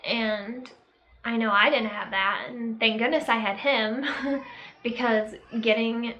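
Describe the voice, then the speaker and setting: A young woman telling a personal story to camera in a casual vlog, halting and reflective, with many fillers and pauses. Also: fairly high pitch, fairly even intonation, highs cut off. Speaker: vlogger.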